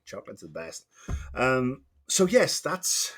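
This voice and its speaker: A man's voice: fairly low pitch, normal speed, a bit bright. A middle-aged man streaming live, chatting casually in a meandering, profane, self-deprecating way. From Wales.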